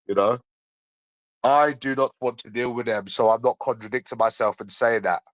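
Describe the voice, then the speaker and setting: A man's voice: medium pitch, normal speed, a bit bright, dry recording, rough recording. A man with a London accent ranting in a repetitive, sweary, sarcastic monologue. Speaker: vlogger.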